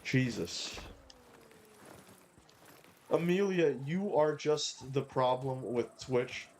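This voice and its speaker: A man's voice: mid-range voice, expressive, very slow, slight background noise. A man live-streaming a game, ranting and swearing as he talks to his chat. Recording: game music behind.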